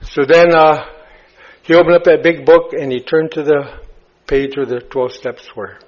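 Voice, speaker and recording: A man speaking at a recovery meeting, telling his story in a halting way, full of fillers and restarts. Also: fairly high pitch, steady tone. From United States. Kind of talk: personal recovery story told to a crowd. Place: retreat meeting hall. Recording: dull lo-fi talk recording.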